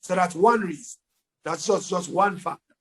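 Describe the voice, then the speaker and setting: A man with a Jamaican accent, a dancehall artist talking casually in an interview, relaxed and often repeating words as he thinks. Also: sits high, moderate pace, slightly rough, rough recording. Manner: relaxed, repeats words, breaks into his song lines.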